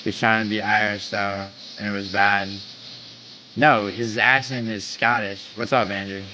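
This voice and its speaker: Brash, foul-mouthed low-voiced streamer. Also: male voice, little pitch movement, unhurried, background noise. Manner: brash, profane, trash-talking banter. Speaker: livestream host. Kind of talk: casual livestream chat, answering viewers.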